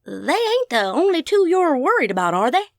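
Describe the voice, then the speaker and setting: A woman's voice: sits high, sing-song, moderate pace, no room sound, studio quality, voice pushed up. A woman doing a drawling country mechanic guy. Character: lanky good-natured young country mechanic man.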